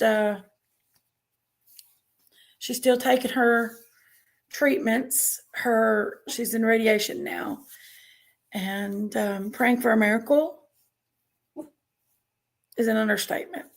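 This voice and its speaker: A woman hosting a casual livestream chat from home on a webcam mic, loud, laughing and bawdy. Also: fairly high pitch, steady tone, takes it slowly, long pauses. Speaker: livestream host. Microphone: computer webcam mic.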